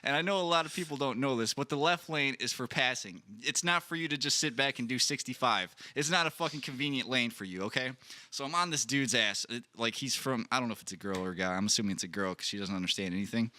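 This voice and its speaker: A man hosting a casual podcast chat, telling stories in an excitable, profane way. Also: mid-range voice, quick pace, no room sound. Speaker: podcast host.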